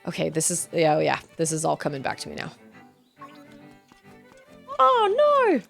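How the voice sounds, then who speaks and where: A woman's voice: low-pitched, fast talker, creaky, faint music behind. A young woman streaming a game, chatting casually with viewers and often laughing and squealing. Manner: chatty, giggly, squeals excitedly at game moments. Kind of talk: casual gameplay chat with viewers.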